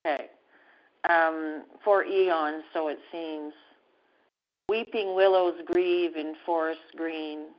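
A woman from Canada calling in to read her love poem aloud in a measured recitation. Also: low-pitched, fairly even intonation. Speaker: caller reading her poem. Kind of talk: poetry reading. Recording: dull lo-fi call audio.

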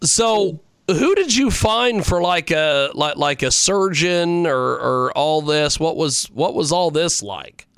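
A man hosting a talk show, stammering and halting as he interviews a guest. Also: on the high side, expressive, fairly bright tone, clear, resonant tone, dry recording, studio quality. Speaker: host.

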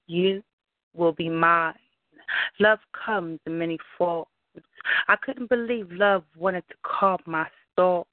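A woman reading her own love poem aloud at an open mic in a slow, measured, heartfelt delivery. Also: fairly low pitch, no echo. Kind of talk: spoken-word poetry reading. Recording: tinny phone-line audio.

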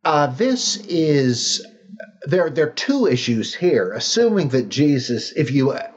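A man's voice: a little high, big pitch swings, takes it slowly, slightly rough, muffled recording. A man hosting a podcast, answering listener questions in a wry, rambling way with many fillers and restarts. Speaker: podcast host.

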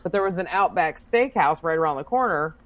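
A woman co-hosting a casual chat, telling a story in a loud, animated and profane way. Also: lowish voice, a little fast. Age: adult working as a bartender. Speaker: podcast co-host.

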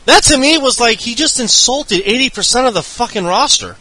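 Bright, fed-up man griping. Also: very high-pitched, expressive, a little fast, dry recording, low-quality recording. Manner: profane, exasperated griping. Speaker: podcast co-host. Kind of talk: casual wrestling talk.

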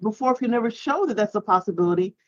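A man co-hosting a casual panel chat, reflective and halting, with many "you know"s. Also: sits high, lively intonation, a bit bright. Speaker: podcast co-host. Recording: dull lo-fi sound.

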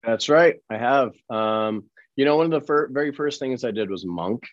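A man from Colorado, an actor guest telling lively anecdotes in a casual interview, acting out other people's lines. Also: mid-range voice, normal speed, no room sound, muffled recording. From Colorado, USA.

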